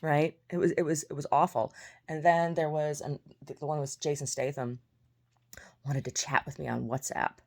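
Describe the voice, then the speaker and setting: A woman's voice: deep voice, flat delivery, moderate pace. An American woman telling stories in a casual, blunt, sarcastic way, swearing, laughing often and restarting her words. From United States. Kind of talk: casual storytelling monologue.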